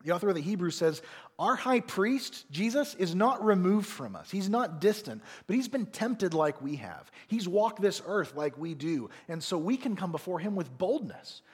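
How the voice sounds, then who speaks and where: A man preaching a sermon as pastor, earnest and animated, acting out small asides. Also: sits high, moderate pace, slightly rough. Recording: long reverb of a church hall.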